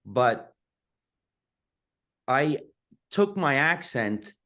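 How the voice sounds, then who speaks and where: A man's voice: medium pitch, very slow. A man with a thick New Jersey accent. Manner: animated, punchy storytelling, slips into character voices. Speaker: stand-up comedian, guest. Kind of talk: casual interview talk.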